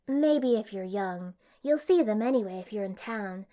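A woman voicing a friendly, gossipy older village woman in a bright, chatty, animated way, as an audiobook character. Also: mid-range voice, moderate pace, natural voice.

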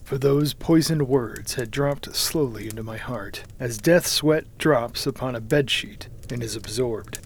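A man reading a first-person story aloud in a measured, dramatic manner, sometimes sinking to a hushed whisper. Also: mid-range voice, gravelly, slightly rough. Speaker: audiobook narrator. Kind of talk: scripted first-person narration.

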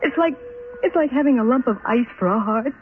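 An actress playing a young woman obsessively in love, in an old-time radio drama, speaking in halting, emotional bursts. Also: sits high, animated. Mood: yearning. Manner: emotional, halting, breathless pleading. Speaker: lovesick heroine. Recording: tinny old radio broadcast with faint hiss.

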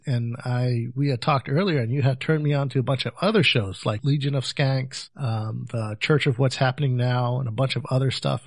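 Dry-sounding podcast guest, earnest. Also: male voice, medium pitch, no room sound. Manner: earnest, laughs easily, argues for offensive humor. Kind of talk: casual podcast chat.

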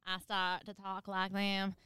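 Bright, playful woman from Chicago. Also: medium pitch, completely flat delivery, a little slow, clear, resonant tone, no room sound. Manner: playful, laughs often. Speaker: bank worker. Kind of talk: casual chat.

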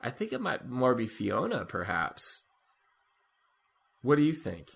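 A man's voice: medium pitch, huge pitch swings, measured pace, creaky, a bit bright, slightly rough. A man co-hosting a casual podcast, discussing a TV episode and often restarting his sentences. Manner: hesitant, restarts sentences with repeated "I". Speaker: podcast co-host. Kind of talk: casual chat recapping a TV episode.

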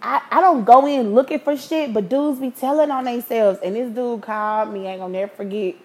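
A woman's voice: fairly high pitch, fairly quick. Candid, profane woman in her thirties. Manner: frank, profane, animated. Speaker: podcast host. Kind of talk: candid storytelling.

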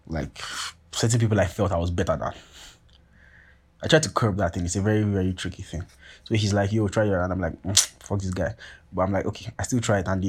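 A young man tells a podcast story in a casual, swearing, animated flow. His voice sits fairly low with a husky, breathy edge. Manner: profane, animated, heavy filler "like" and "you get what I'm saying". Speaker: podcast host.

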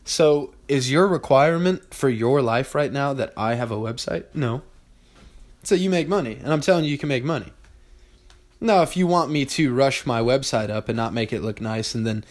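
A man talks alone on his podcast in a blunt, profane way, hammering the same point several times. He clears his throat often between thoughts. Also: medium pitch, moderate pace. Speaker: podcast host. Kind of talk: solo podcast monologue.

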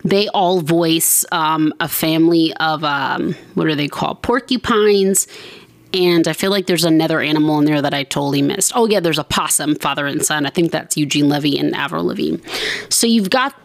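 Woman podcast host, low voice, dry close sound, rambly and self-mocking. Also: moderate pace, creaky, no echo. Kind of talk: casual chat.

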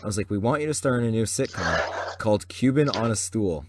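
A man's voice: lowish voice, animated, a little fast, very noisy. A teenage boy from Canada, co-hosting a podcast and telling a rambling story full of fillers and restarts. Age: teens. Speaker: podcast co-host. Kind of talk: casual chat.

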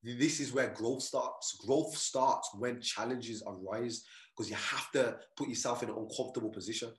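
Guy in his late 20s, mid-pitch, animated storyteller, echoey room. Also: moderate pace. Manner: animated storyteller, keeps asking "you get me". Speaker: guest, mindset coach. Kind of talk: casual podcast chat.

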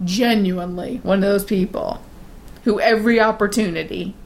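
A woman's voice: mid-range voice, steady tone, moderate pace. A woman in casual conversation, telling stories in a chatty way and laughing often. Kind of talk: casual chat.

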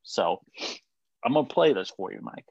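Blunt, low-voiced man hosting a podcast. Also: wildly swooping pitch, moderate pace, vocal fry, a little mellow, slightly rough, no echo, lo-fi sound. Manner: blunt, swears freely. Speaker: podcast host. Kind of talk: casual chat.

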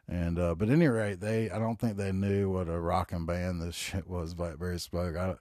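Brief: very low-voiced Southern man in his forties, loose profane podcast monologue, dry close mic. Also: steady tone, moderate pace, a little mellow, dry recording. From North Carolina. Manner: rambling, profane, laid-back storytelling. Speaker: podcast host. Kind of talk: casual solo podcast monologue.

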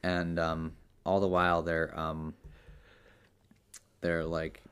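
A young man co-hosting a comedy podcast, setting up an absurd scenario in a deadpan way with many pauses and ums. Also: sits low, smooth. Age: young adult. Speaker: podcast co-host running the improv scenario. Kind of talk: casual improv chat.

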